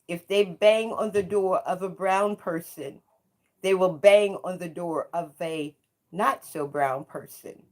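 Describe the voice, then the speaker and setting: Slow, impassioned woman in her seventies. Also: fairly low pitch, a little mellow. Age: 70s. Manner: emphatic, repeats phrases, preacher-like. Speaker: host. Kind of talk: impassioned livestream monologue.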